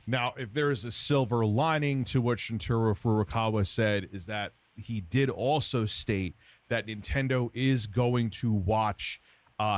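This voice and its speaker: A man's voice: fairly low pitch, no room sound. A man giving informal, sarcastic gaming news commentary.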